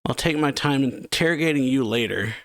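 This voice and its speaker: A man's voice: mid-range voice, fairly quick, fairly bright tone, dry recording, clean studio sound, lightly acted. A man reading as a cold vampire queen.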